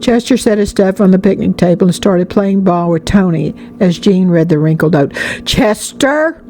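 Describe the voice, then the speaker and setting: A woman narrating an audiobook in a plain, even reading voice. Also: fairly low pitch, moderate pace. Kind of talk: storybook narration.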